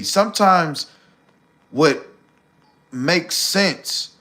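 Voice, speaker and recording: Guy ranting on his livestream, bright sharp voice, kinda high, blunt and cussing a lot, aave. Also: animated, measured pace. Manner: blunt, profane, preachy. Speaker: livestream host. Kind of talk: casual livestream rant.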